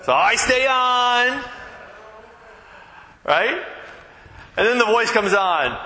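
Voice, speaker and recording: A male pastor delivers a chatty sermon in a high, lively voice that swings widely in pitch. His tone is bright and forceful, with a long echo from a church hall. He talks to the congregation with jokes and quick asides. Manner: conversational, animated, joking asides.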